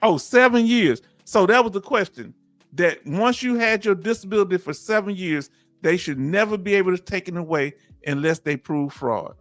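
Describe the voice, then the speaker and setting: High-voiced man chatting on a stream. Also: lively intonation, normal speed, a bit bright, no echo, faint music behind. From Texas. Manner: folksy, storytelling, reads chat aloud. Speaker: host. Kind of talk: casual livestream chat.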